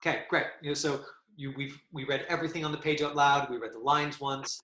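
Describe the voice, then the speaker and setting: Halting male acting coach, echoey room. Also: on the high side, fairly even intonation, pushed and bright. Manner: halting, full of fillers and restarts. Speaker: acting teacher.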